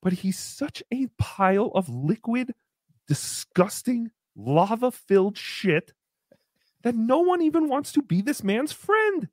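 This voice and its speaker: A woman's voice: on the high side, big pitch swings, slow pace, darkish tone, dry recording, studio quality. A woman hosting a podcast, giving sarcastic, theatrical commentary on a comedy roast. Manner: sarcastic, theatrical, slips into mocking voices. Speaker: podcast host.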